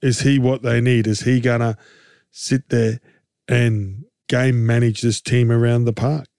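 An Australian man co-hosting a casual sports chat, animated and jokey, rambling through his points with restarts and rhetorical questions. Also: mid-range voice, measured pace, gravelly, smooth, dry recording, clean studio sound. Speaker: co-host and game commentator.

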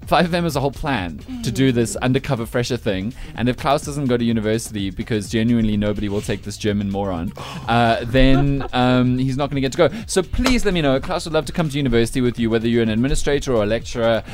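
A man's voice: mid-range voice, fast talker, hardly any pauses, a little mellow, soft background music. A man hosting a breakfast radio show, joking and rambling with restarts. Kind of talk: playful radio banter. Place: radio studio.

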